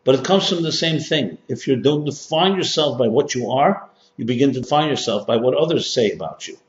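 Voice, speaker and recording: Emphatic rabbi in an echoey hall. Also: male voice, medium pitch, expressive, fairly quick, hardly any pauses. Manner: emphatic, repetitive, rising to stress points. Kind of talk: sermon-style workshop lecture. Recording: dull, echoey hall recording.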